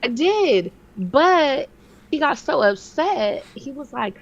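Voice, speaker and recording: A woman in her thirties co-hosting a podcast, telling a story in casual chat and jumping her pitch to act out what others said. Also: slow, dull audio. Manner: animated, acts out quotes with big pitch jumps. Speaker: podcast co-host.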